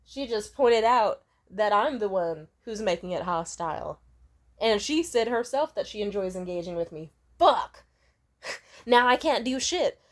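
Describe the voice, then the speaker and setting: A woman's voice: mid-range voice, lively intonation, unhurried. Young woman vlogger, frank and sweary, loose rambling storyteller. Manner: candid, profane, rambling. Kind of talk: casual storytime.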